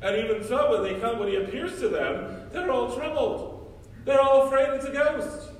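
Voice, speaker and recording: A man's voice: extremely high pitch, normal speed, a little hiss or hum. A male priest giving a sermon, preaching emphatically with repeated rhetorical questions. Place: church. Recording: echoey church from far off.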